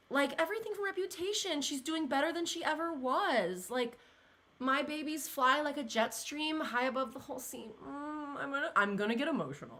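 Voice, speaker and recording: A young woman chats casually to her viewers in a bright, ringing voice. She rambles and gushes, her pitch leaping around as she gets emotional. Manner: gushing, rambling, many "like"s, emotional. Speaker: pop culture vlogger. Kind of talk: casual chat, reacting to comments.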